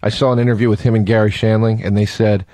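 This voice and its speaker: A man's voice: fairly low pitch, level tone, fast talker, warm tone, dry recording. A man as a guest on a podcast, telling rambling, emphatic stories with a lot of swearing. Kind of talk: casual storytelling chat.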